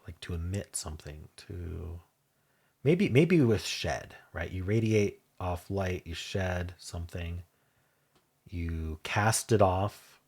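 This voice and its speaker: Low, husky man musing over puzzles. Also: expressive, slow, darkish tone. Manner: muses aloud, hesitant and self-correcting. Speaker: puzzle game host. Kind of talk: casual think-aloud puzzle commentary.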